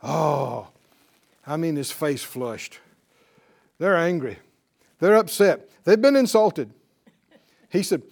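A man teaching a Bible class, telling the story in an animated way and chuckling often. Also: on the high side, takes it slowly, gravelly, pauses often.

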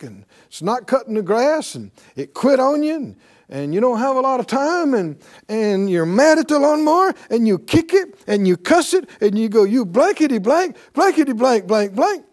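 A man preaching a sermon to a congregation, animated and playful, laughing and calling for responses. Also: sits high. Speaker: pastor.

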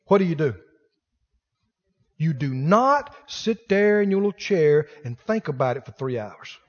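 High-voiced preacher man in echoing hall. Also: sing-song, a little slow. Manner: folksy, fires rhetorical questions at the congregation; colloquial, uses "ain't". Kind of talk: sermon. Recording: dull lo-fi sermon recording with long hall reverb.

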